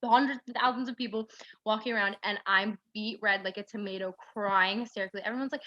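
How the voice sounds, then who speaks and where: Speaking fast in a mid-range, sharp voice with fairly even intonation, a central New York woman in her twenties chats casually as an interview guest. This aspiring actress wanders through her story with lots of "like," on lo-fi audio without echo.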